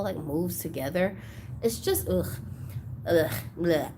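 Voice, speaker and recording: A woman hosting a doll collecting vlog, chatting casually and gushing excitedly over gifts, at times near tears. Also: fairly low pitch, background noise. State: emotional, close to tears. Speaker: doll collector channel host. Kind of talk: unboxing vlog chat.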